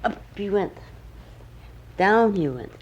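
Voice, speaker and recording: A woman's voice: mid-range voice, animated, slow, slightly rough, highs cut off. An older woman, a grandmother, telling a homemade bedtime story at home with chatty asides to the listening child.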